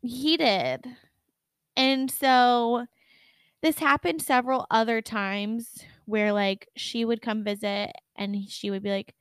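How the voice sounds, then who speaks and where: A woman's voice: on the high side, slow pace, clear, resonant tone, no room sound. A young woman co-hosting a podcast, telling stories in casual chat, swearing and laughing a lot. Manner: animated storytelling, swears often, laughs a lot. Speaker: podcast co-host.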